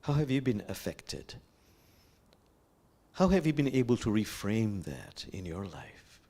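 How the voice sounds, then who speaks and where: An older man with a Bangladeshi accent, leading a reflective sermon as an imam and telling stories gently, with pauses and fillers. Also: fairly low pitch, sing-song. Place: sanctuary.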